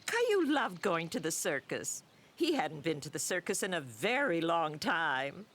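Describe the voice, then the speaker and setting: A woman giving clear scripted narration for a children's cartoon. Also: on the low side, very animated, a little slow, a bit bright, a little hiss or hum.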